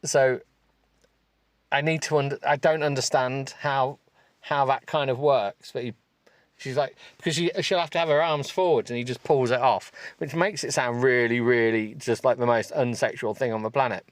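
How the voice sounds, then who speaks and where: A male podcast host reading a text aloud for comedy, stopping to mock it with sarcastic asides and breaking into high giggles. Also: fairly even intonation, moderate pace, dry recording. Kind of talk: comic reading with running commentary.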